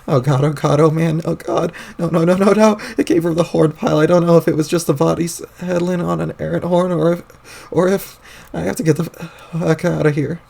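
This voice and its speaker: A man voicing an angry, panicky young male troll who rants loudly and frantically and swears a lot, while reading a webcomic aloud on stream. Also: a little high, level tone, moderate pace, creaky, voice pushed up. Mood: panicked ranting. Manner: loud, ranting, frantic.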